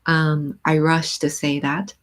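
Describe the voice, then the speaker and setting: A woman hosting a casual live stream, reading song lyrics and explaining their meaning with many pauses and "um"s. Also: low-pitched, little pitch movement. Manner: thoughtful, pauses with many "um"s, reads lyrics aloud then explains.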